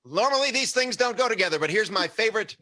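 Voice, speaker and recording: A musical comedian on a video call, trading dry wisecracks before a song. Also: male voice, high voice, expressive, quick pace, sharp tone, a little hiss or hum. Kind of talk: comic banter before a song. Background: guitar.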